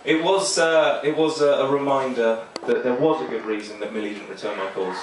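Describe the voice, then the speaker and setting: Rambling stand-up comic in an echoey club. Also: male voice, mid-range voice, brisk. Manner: rambling, self-deprecating, deadpan delivery. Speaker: stand-up comedian. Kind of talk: stand-up comedy set. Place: small comedy club stage. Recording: echoey club, mic heard from far, noisy.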